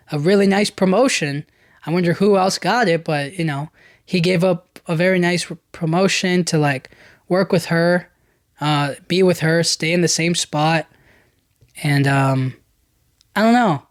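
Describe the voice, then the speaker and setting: A man's voice: fairly high pitch, no room sound, studio quality. A young man hosting a podcast, retelling a film in loose casual chat, full of "like" and "you know". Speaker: podcast host.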